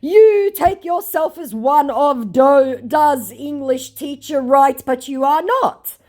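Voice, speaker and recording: A woman voicing a young male online scammer, defensive and muddled, in slow, halting, broken phrasing. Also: high voice, dark tone, pitched above the performer's own voice.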